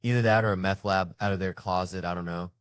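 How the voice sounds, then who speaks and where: A man's voice: low voice, steady tone, fast, clean tone, no room sound. A man doing stand-up, telling stories in a profane, exasperated, punchy way. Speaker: stand-up comedian. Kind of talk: stand-up storytelling.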